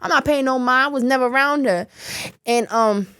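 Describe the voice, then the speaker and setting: A woman's voice: high voice, brisk, smooth, dry recording, studio quality. A young adult woman, a podcast guest, telling a story casually with lots of swearing and laughter. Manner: profane, animated, frequent laughter. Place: podcast studio.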